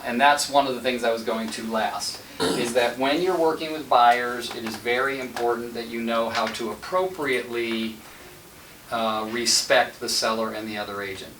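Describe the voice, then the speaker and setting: Male team-lead trainer, chatty anecdotal delivery, mid pitch, filmed in an echoey meeting room from a distance. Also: fairly even intonation, moderate pace, fairly bright tone. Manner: conversational, tells anecdotes with quoted dialogue. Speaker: real estate team leader and trainer. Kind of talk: casual sales training talk. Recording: roomy sound from a distant mic, faint noise.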